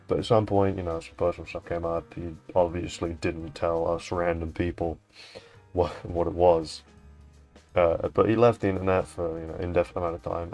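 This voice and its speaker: A man's voice: deep voice, darkish tone. A young man hosting a fan art showcase in casual, rambling commentary, swearing now and then. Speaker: showcase host.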